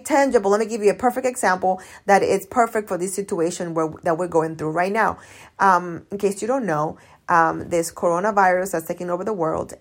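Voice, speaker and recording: This is a woman hosting her own podcast as a coach, talking loosely and casually to her listeners. She is emphatic and animated, and she repeats her key lines for effect. Her pitch sits mid-range for a woman. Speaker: business coach. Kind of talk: casual solo podcast talk.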